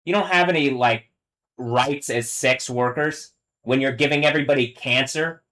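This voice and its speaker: A man talking alone on a live stream, ranting angrily and profanely in a halting, filler-filled way, dropping to low mutters and rising to loud, high yelling. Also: poor audio. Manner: halting, filler-heavy, restarts often. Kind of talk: rambling solo live-stream monologue.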